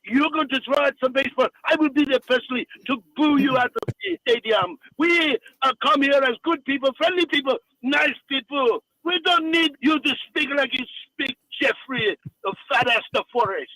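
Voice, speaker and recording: A man's voice: extremely high pitch, normal speed, hardly any pauses, pushed and bright, no echo, pitched above the performer's own voice, heavily acted, low-quality recording. A man doing a ranting French Canadian caller. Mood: angry ranting. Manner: insulting, broken English, ranting. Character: irate male French Canadian voicemail caller. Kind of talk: comedy voicemail bit.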